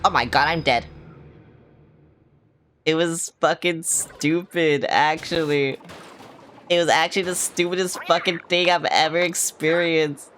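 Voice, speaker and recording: Low-voiced young woman streamer rambling over music. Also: steady tone, a little slow, pauses often, fairly bright tone. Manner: rambling, swears a lot, dramatic reactions. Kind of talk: casual gaming livestream chat.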